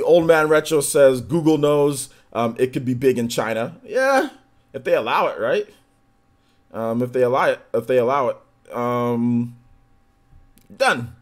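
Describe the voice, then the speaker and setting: Man host reading chat on a live stream. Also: mid-range voice. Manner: reads chat aloud and answers, gets heated.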